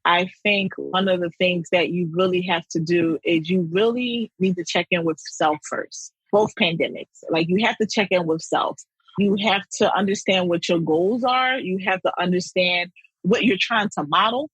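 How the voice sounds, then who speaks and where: Female principal guest, strongly husky voice, emphatic and lively delivery. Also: fairly low pitch, normal speed, dry recording, rough recording. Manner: emphatic and animated, with repeated phrases. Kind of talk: interview conversation.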